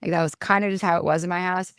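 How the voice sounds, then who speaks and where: A woman's voice: fairly low pitch, racing, clean tone, no echo. Young woman, New York accent, ranting guest, swears a lot, dry close sound. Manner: animated, ranting, swears freely. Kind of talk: casual interview storytelling.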